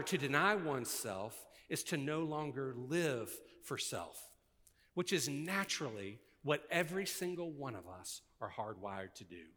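A man preaching a sermon, swinging from loud, emphatic preaching to hushed, intense passages. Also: medium pitch, long reverb tail. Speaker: pastor.

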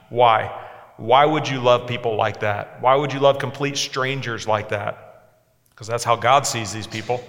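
Impassioned preacher in an echoing hall. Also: male voice, mid-range voice. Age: 40s. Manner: impassioned, swings between hushed and emphatic. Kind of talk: sermon. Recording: echoey hall sound.

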